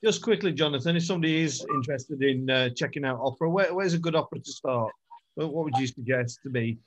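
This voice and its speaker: A man hosting an interview and asking quick, halting questions. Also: mid-range voice, slight background noise. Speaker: interviewer, podcast host.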